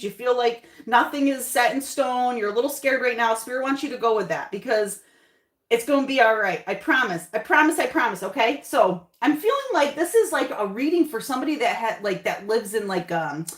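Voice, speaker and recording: A woman with a fairly high voice gives a casual, chatty tarot reading straight to her viewers. She reassures them warmly and repeats her phrases for emphasis. The room around her rings with echo. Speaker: tarot reader. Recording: echoey room.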